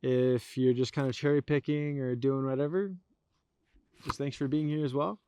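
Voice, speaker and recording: A young man, a poet, closing his reading with casual, hesitant thanks, soft-spoken and trailing off. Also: mid-range voice, fairly even intonation, moderate pace, clear, resonant tone, dry recording. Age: young adult.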